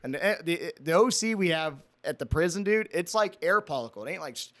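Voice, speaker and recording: Young male guest, slightly high voice, casual rambling storyteller, heavy swearing. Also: expressive, fairly quick, fairly bright tone. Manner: profane, rambling, says "dude" a lot. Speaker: podcast guest, former prison officer.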